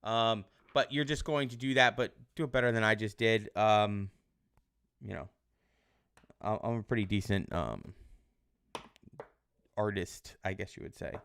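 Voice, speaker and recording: A male teacher giving casual online class instructions in a relaxed, rambling way with many fillers. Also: lowish voice, unhurried, creaky, pauses often, clean tone.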